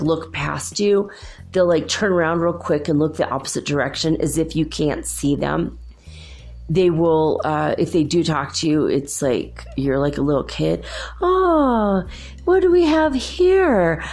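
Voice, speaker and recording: A mother speaks in a low, gravelly, somewhat dark voice, her intonation fairly even and her pace a little slow, with faint music in the background. As host, she rambles casually and at length through personal stories, full of fillers and restarts, laughing often.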